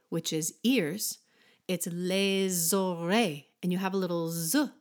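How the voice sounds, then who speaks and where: A woman hosting a podcast singing lesson, explaining vowels patiently and breaking into short sung examples. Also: lowish voice. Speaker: voice teacher and podcast host.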